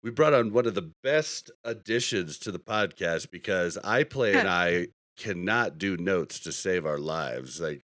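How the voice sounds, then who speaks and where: A man's voice: deep voice, lively intonation, measured pace, fairly bright tone, dry recording, studio quality. A man hosting a podcast, telling rambling stories in casual chat and laughing often. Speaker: podcast host.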